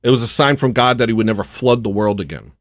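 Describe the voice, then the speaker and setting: A man's voice: medium pitch, steady tone, fast talker, no echo, clean studio sound. A man hosting a casual livestream, ranting and mocking in a brash, loose way. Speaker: livestream host.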